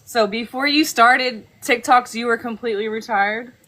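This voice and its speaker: A woman's voice: fairly high pitch, moderate pace, bright, forceful tone. A woman interviewing a guest, asking questions and giving short encouraging replies. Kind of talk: casual interview.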